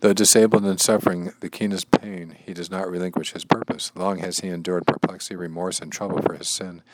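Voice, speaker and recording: A man's voice: deep voice, flat delivery, fairly quick, poor audio. A man reading a devotional passage aloud, then paraphrasing it casually and repeating phrases, sometimes dropping into a whisper. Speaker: bible study teacher and language learner.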